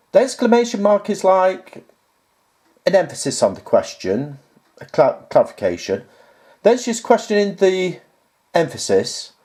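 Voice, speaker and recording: A man's voice: fairly high pitch, warm tone. A man talking to camera as a YouTuber, reading viewer comments aloud and rebutting them point by point in a sarcastic, exasperated way. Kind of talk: casual talk to camera.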